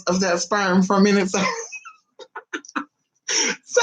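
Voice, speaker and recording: A woman vlogger in casual chat to camera, sassy and chatty, calling her listeners honey and swinging her voice between high and low. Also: takes it slowly, pauses often, fairly bright tone, dull audio.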